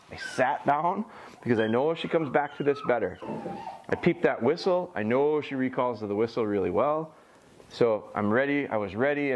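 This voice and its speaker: A man's voice: mid-range voice, slight background noise. A man who trains bird dogs, casually explaining what he is doing as he works a young dog outdoors. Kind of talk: casual training vlog commentary.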